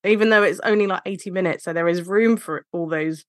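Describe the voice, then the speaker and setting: A woman in a casual podcast conversation, giving opinionated takes in a lively way. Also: on the low side, dry recording, clean studio sound. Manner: lively, opinionated, quick to laugh. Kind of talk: casual film discussion.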